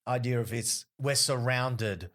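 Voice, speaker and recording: A man in his thirties with an Australian accent, a comedian chatting as a podcast guest and telling stories with lively acted-out quotes. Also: medium pitch, measured pace. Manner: animated storyteller who acts out quoted people. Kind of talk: casual chat.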